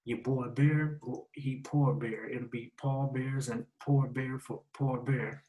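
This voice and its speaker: A man hosting a casual breakdown of battle rap lines, repeating and slowly spelling out the wordplay in street slang. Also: mid-range voice, fairly even intonation, dark tone, rough recording.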